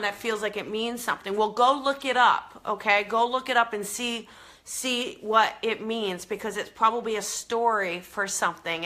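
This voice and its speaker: A woman with a New Jersey accent hosts a casual live-streamed talk, chatty and earnest. Her voice sits a little high and sounds bright and forward. She talks with plenty of fillers and restarts. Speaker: spiritual show host. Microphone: live stream camera mic.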